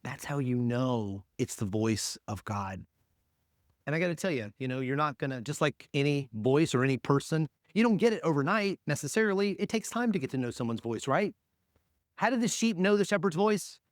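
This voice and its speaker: A male pastor preaching a sermon in a conversational, emphatic way, swinging between loud peaks and hushed, quiet drops. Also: fairly high pitch, expressive, normal speed, no echo, clean studio sound.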